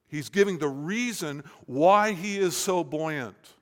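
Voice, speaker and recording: Guy preaching in a big echoey church, kinda high voice, leans hard on key words then goes quiet. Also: slow pace, hardly any pauses. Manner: emphatic, with big swings between loud stresses and quiet questions. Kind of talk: expository sermon. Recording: long reverb of a large hall.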